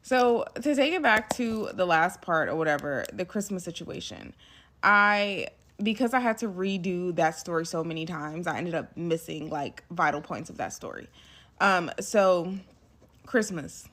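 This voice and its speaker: A young woman casually telling a personal story to her viewers, emphatic and animated, with frequent asides. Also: lowish voice, unhurried, a little hiss or hum. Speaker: storyteller recounting a past relationship.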